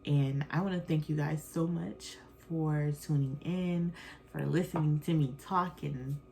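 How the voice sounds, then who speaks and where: A woman's voice: sits low, fairly even intonation, unhurried, creaky, darkish tone, a little hiss or hum. A woman hosting her own podcast, a mother talking candidly and rambling a bit, with fillers and self-corrections. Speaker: podcast host; mother of children. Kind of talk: casual solo podcast chat.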